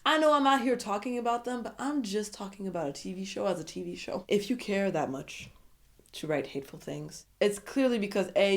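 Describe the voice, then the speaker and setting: A young woman recapping a reality show in a sassy, opinionated casual commentary, full of asides. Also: lowish voice.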